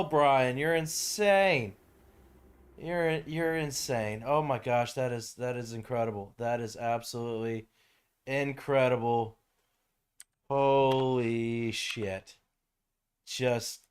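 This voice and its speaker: Slow-talking excitable male streamer. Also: mid-range voice, smooth. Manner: excitable, swears and shouts in disbelief. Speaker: live streamer. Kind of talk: live game stream chat.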